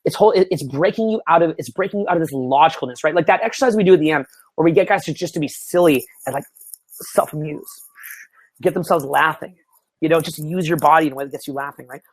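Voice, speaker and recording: A man's voice: on the high side, quick pace, dry recording. A man in his thirties, a dating coach, talking loosely and animatedly to camera, swearing freely and laughing often. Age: 30s. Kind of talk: casual coaching talk to camera. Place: small indoor room, seated.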